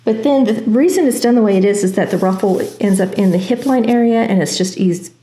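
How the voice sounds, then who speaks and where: A woman's voice: medium pitch, a little fast, dark tone. A woman talking casually through a sewing project, thinking aloud and weighing choices with frequent ums. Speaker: sewing vlogger. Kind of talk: casual sewing tutorial talk. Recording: echoey room.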